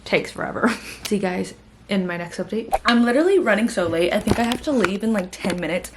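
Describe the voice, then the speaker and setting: A young woman in her twenties, a college student who vlogs about books, chats casually in a mid-range voice with lively intonation and a brisk pace. She sounds tired but still gushes, full of fillers, over a noisy background.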